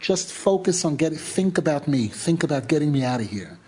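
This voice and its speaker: A man voicing a young captive princess in a spoken storytelling lesson, dropping lower and softer than his own voice. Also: big pitch swings, a little fast, husky. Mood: earnest. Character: captive lost princess, young woman, earnest and grave.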